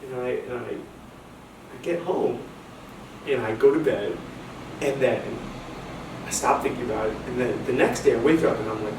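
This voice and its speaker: A young man telling a stand-up story with animated, nervous repetitions and restarts. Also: mid-range voice, moderate pace, long pauses. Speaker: stand-up comedian. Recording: echoey room, distant mic, faint noise.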